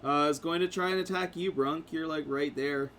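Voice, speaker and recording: A man narrating a tabletop game as game master, in a casual, halting way with fillers. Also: fairly high pitch, steady tone, a bit bright, slight background noise.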